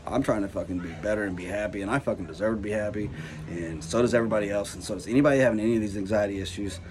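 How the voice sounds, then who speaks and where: A man's voice: on the low side, rapid-fire, darkish tone. A man ranting casually to his camera about anxiety, swearing a lot and filling with "like" and "you know.". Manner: profane, rambling, says "like" and "you know" constantly. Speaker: vlogger. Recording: noisy background hiss.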